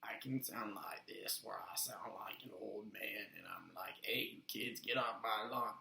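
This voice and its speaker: Guy doing a whispery old man yelling at kids to get off his lawn, low, echoey room. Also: unhurried, creaky, full character voice. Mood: crotchety. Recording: roomy echo.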